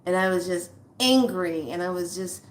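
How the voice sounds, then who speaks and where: Chatty woman in her sixties, low-voiced. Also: moderate pace. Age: 60s. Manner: chatty, addresses viewers as lovelies, blunt and earthy. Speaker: spiritual vlogger. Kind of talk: casual storytelling to camera.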